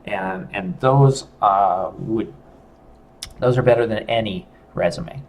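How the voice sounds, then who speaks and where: Rambling middle-aged man, lowish voice. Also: a little mellow, a little hiss or hum. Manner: rambling, halting, with many restarts. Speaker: studio founder hosting a livestream chat. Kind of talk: casual livestream talk.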